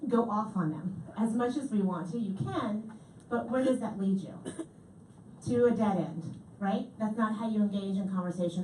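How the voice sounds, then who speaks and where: A woman giving a comedic keynote talk, lively and animated, repeating audience answers back to them. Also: mid-range voice. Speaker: keynote speaker. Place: large hall. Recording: echoey hall from far off, faint noise.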